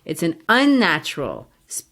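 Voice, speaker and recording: A woman with a somewhat low voice leads a casual literature discussion. She explains ideas patiently in a teacherly way and sounds out the beats of verse as she goes. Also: huge pitch swings, normal speed, fairly bright tone. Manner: explanatory, teacherly, taps out rhythms aloud. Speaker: podcast co-host.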